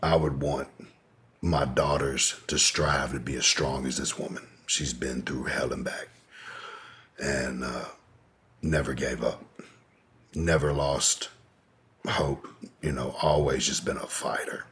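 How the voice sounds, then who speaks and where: Man, interview guest, very low voice, husky rasp, candid, profane, rambling. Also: fairly even intonation, slow pace, long pauses, a bit bright. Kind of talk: candid storytelling in conversation.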